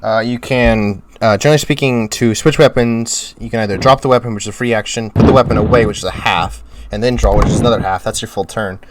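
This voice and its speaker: A man's voice: on the low side, steady tone, quick pace, hardly any pauses, very noisy. A man at a tabletop game table, casually explaining the rules to the other players.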